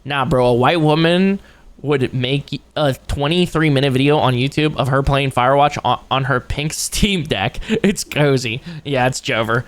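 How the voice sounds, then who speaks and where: A man's voice: medium pitch, normal speed. A young man live-streaming, chatting casually with his viewers, rambling and swearing, joking and breaking into mocking voices. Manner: rambling, profane, jokey, jumps into mocking voices. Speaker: streamer reacting to a video.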